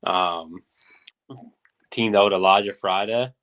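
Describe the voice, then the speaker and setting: A wrestler guest answering interview questions in a hesitant way, with many pauses and ums. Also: male voice, low-pitched, steady tone. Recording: dull lo-fi audio.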